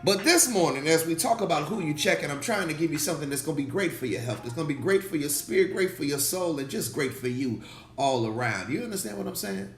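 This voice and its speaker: Hoarse-ish pastor guy on a livestream, lively and repetitive, greeting chat folks, kinda roomy echo. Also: fairly high pitch, fast talker. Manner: animated, repeats phrases, calls out to chat viewers. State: slightly hoarse. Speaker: pastor hosting a faith livestream. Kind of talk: casual livestream preaching talk. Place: indoor room, livestream. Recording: echoey room with faint music.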